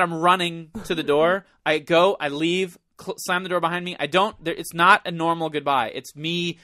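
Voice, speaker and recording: A man co-hosting a podcast, telling a story in casual chat, animated and profane, acting out his own panicked thoughts. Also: a little high, normal speed, hardly any pauses, dry recording, studio quality. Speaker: podcast co-host.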